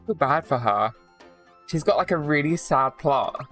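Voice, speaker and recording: Faint music plays behind a streamer from Minnesota who rambles through casual game commentary, swearing often and tossing off quick asides. His voice is mid-range, expressive and a bit bright.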